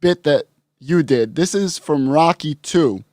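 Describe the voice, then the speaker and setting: A man hosting a podcast in casual interview chat, laughing often and agreeing quickly. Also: on the high side, no room sound, studio quality. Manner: lively, laughs a lot, quick agreeing replies. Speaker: podcast host.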